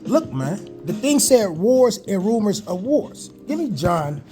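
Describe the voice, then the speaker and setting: A man preaching excitedly over news clips and scripture, calling out to listeners with "man" and "listen". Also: high-pitched, unhurried, over music. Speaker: online preacher reacting to news videos. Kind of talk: live video reaction with scripture reading.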